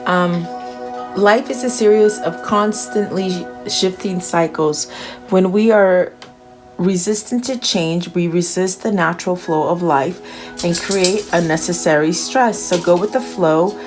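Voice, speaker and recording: A woman with a lowish voice gives a casual tarot reading at a very slow, musing pace. She murmurs her questions to the cards and then reads their messages aloud. Soft music plays clearly underneath. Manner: unhurried and musing, with soft fillers. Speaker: tarot reader. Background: background music.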